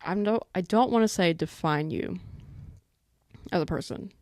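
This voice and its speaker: A woman's voice: on the low side, moderate pace, darkish tone, dry recording, clean studio sound. A woman in her twenties hosting a casual solo podcast, rambling chattily and breaking off to talk to her pet. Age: 20s. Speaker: podcast host.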